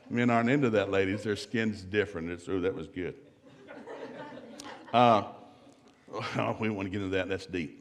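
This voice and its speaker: Man, middle-aged, marriage seminar speaker, folksy, joking, humorous talk. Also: mid-range voice. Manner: folksy, joking, acts out couples' dialogue.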